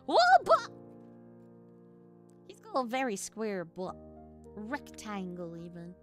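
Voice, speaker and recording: Woman game streamer, excitable, giggly, lively swooping pitch, slow unhurried delivery, bright tone. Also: faint music behind. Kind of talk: live gameplay commentary.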